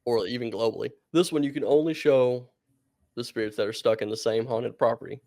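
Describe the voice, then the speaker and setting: A male podcast co-host with a gravelly voice tells a story in a loose, meandering way. He breaks into laughter often. His voice sits close and dry. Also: mid-range voice, a little fast, warm tone, no room sound. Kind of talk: casual podcast chat.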